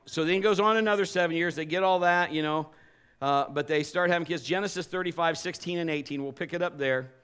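Man, pastor, sermon, humorous animated storytelling, slightly high pitch. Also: fairly quick, clear, resonant tone.

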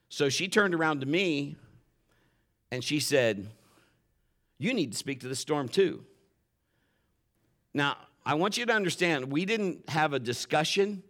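A man preaching a sermon, often climbing louder and higher when he drives a point home. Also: expressive, measured pace, long pauses. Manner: impassioned, rises sharply in pitch and volume when stressing points; admits getting emotional while preaching. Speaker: pastor.

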